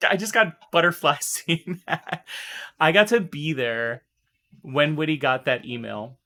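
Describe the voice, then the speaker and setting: Excitable streamer man, strained voice. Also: on the high side, a little slow. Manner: excitable and emotional, rambling with many restarts. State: voice still recovering, a bit strained. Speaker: live streamer. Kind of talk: casual live-stream chat.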